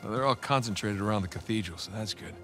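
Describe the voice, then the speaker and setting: An actor in his thirties playing a quick-witted male treasure hunter in a video game cutscene, in casual, relaxed banter. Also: on the low side, soft background music, close to an everyday voice.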